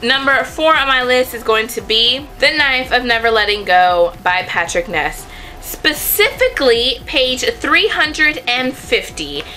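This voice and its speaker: Young female vlogger, casual and rambling, bright tone, light music bed underneath. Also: a little high, lively intonation, measured pace. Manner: chatty, rambling, self-correcting. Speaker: book vlogger. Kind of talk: casual chat to camera.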